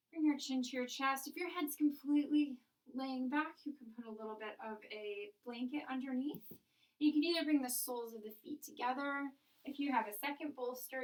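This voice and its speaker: A young woman leading a yoga class and guided meditation, talking softly and slowly, sometimes dropping to a whisper. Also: high voice, distant mic, low-quality recording. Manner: soft, slow instructing, sometimes whispered. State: out of breath. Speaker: yoga teacher.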